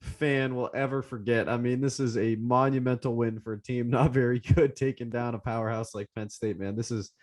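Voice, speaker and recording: A man's voice: mid-range voice, steady tone, a little fast, hardly any pauses, a little mellow. A young man co-hosting a sports podcast, casually steering the talk to the next topic with enthusiasm. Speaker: podcast co-host.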